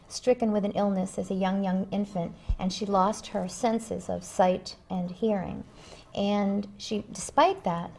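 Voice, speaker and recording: Gravelly-voiced woman medium, earnest. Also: mid-range voice, mellow. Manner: earnest, storytelling, emphatic pauses. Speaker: spiritual medium. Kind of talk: interview conversation.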